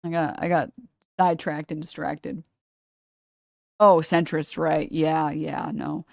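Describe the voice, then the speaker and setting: A woman's voice: deep voice, level tone, slow, vocal fry, no echo, clean studio sound. A woman live streamer ranting about politics to her chat, blunt, sarcastic and profane, often laughing mid-sentence. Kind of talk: casual political rant to chat.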